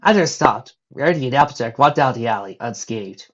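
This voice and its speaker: Low-voiced woman reading a story. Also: animated, fairly quick, muffled recording. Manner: low, plain narration with small slips. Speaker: reader of fan fiction.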